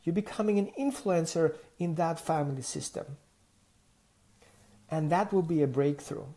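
This high-leaning male voice, moving at a normal pace, belongs to a Mediterranean dog trainer. He teaches animatedly, tossing out rhetorical questions and performing little dialogues.

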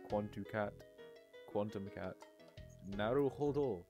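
A man's voice: lowish voice, slow pace, over music. A man chatting casually while streaming a game. He reads chat aloud, answers it and swears freely. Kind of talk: casual game livestream commentary.

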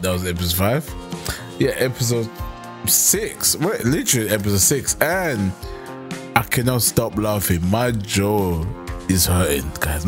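A woman hosting a sitcom reaction video, laughing a lot and often repeating herself as she thanks viewers. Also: extremely low pitch. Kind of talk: casual reaction commentary.

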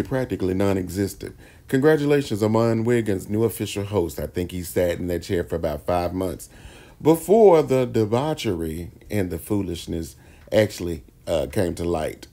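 A man's voice: low-pitched, vocal fry, mellow. A man hosting a casual, sassy celebrity gossip commentary and calling his viewers "child" and "baby.". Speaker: host of a commentary channel. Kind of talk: casual pop-culture commentary.

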